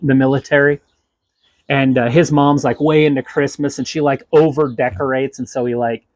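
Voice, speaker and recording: A man's voice: mid-range voice, steady tone, moderate pace, darkish tone, no echo, low-quality recording. A man talking casually in a counseling session. He rambles, stumbles over his words, restarts sentences and laughs often. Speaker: counseling client and live streamer.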